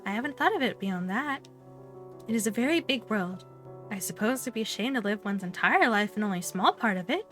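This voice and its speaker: A woman voicing a polite young girl at boarding school who speaks in a proper, thoughtful, gentle way. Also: mid-range voice, lively intonation, fairly quick, faint music behind, close to an everyday voice.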